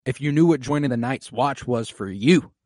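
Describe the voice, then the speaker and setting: A man's voice: mid-range voice, animated, moderate pace, a little mellow, no room sound, clean studio sound. A young man co-hosting a podcast, recapping a TV episode in casual, slangy chat. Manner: laid-back, slangy, does goofy quoted voices. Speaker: podcast co-host.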